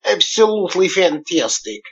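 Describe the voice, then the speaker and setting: A man's voice: high voice, sing-song, normal speed, a bit bright, husky, lo-fi sound, full character voice. A man in a voicemail putting on an exaggerated fake accent, theatrical and over the top. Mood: hammy. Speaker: caller.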